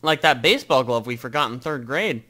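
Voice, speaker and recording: Brief: crude, sarcastic male gamer reading a story game, bright and animated. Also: medium pitch, brisk. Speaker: let's play commentator. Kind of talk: reading a visual novel aloud with commentary.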